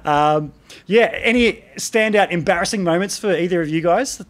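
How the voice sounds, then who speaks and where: A man's voice: high-pitched, normal speed. A middle-aged man hosting a casual chat, telling stories and asking questions. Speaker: host.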